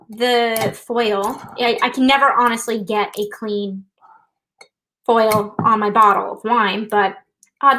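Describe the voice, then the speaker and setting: Her voice is fairly high and sharp, the rough recording carrying a little hiss or hum. She hosts live trivia casually, walking through things step by step with self-deprecating humor, much like a relaxed live-stream demo.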